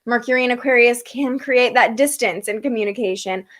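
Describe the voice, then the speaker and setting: A woman's voice: on the high side, a little fast, a bit bright. A young woman giving a casual astrology forecast, chatty, with frequent fillers and restarts. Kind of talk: casual livestream talk.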